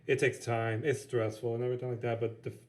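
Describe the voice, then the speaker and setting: A man's voice: medium pitch, little pitch movement, fast, a little mellow. A man co-hosting a podcast in casual chat, joking and laughing often, rambling with fillers. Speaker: podcast co-host.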